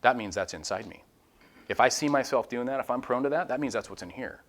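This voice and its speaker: Man, small-group Bible study leader, informal teaching, animated, candid, self-deprecating, acts out voices. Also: medium pitch, fast.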